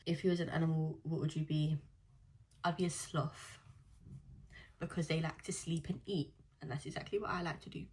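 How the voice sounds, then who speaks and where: A young woman answering viewer questions in a candid, chatty vlog full of blunt slang. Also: low voice. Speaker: vlogger. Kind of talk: casual Q&A vlog.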